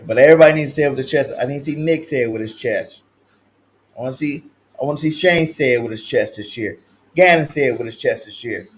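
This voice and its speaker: A man from California hosting a livestream sports talk show, slangy and hyped, swinging between loud shouted chants and low mumbled asides. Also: fast, poor audio. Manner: slangy, repeats catchphrases.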